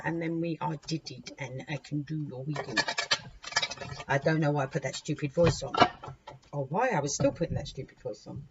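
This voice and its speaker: A woman's voice: sits low, normal speed, a little mellow. A woman giving a casual, rambling tarot reading to her viewers, chatting to the cards as she deals them. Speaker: tarot reader. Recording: dull lo-fi recording with faint hiss.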